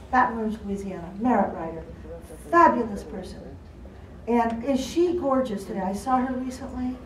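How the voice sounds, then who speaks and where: A woman presenting a live seminar to court reporters, talking in a lively, playful way and acting out the people she describes. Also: mid-range voice. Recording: echoey room, voice from far off.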